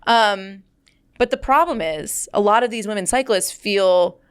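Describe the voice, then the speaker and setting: A woman's voice: mid-range voice, unhurried, clean tone. Young woman cohost, giggly and playful, reading out sports news in a casual way. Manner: playful, giggly, self-deprecating. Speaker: podcast co-host.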